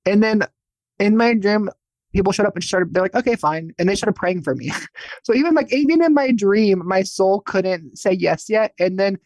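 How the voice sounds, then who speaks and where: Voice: mid-range voice, normal speed, darkish tone, no room sound. A speaker in a casual spiritual podcast conversation, talking chattily in a self-mocking way with lots of fillers.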